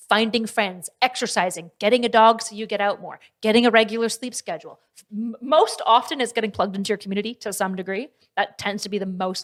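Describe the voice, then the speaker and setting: A woman streamer giving casual, animated commentary, arguing her points in fast bursts. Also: fairly high pitch. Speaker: streamer reacting to videos.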